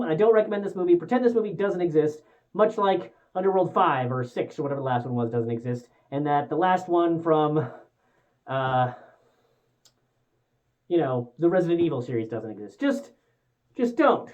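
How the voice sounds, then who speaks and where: A woman rants through a casual movie review with a lively, swooping pitch. She swears freely and sounds exasperated. The recording is dull and lo-fi. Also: normal speed. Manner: exasperated, profane ranting.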